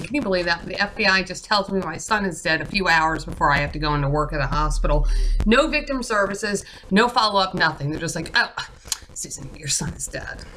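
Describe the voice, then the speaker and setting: A woman telling an indignant story to camera in a casual vlog, acting out what others said in animated bursts. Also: lowish voice, slight background noise, poor audio. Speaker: vlogger.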